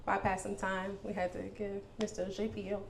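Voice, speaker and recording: A woman hosting a live spoken word event, talking casually and warmly to the crowd as y'all. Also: mid-range voice, little pitch movement, normal speed. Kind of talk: live stage address to an audience. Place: indoor event venue. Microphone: handheld microphone. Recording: live event with clear background noise.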